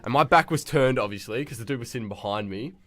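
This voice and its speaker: Young man, podcast co-host, chatty and animated, quotes people in put-on voices, dry close sound with no room echo. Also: mid-range voice, fast. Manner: animated storyteller acting out quotes. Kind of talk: casual chat.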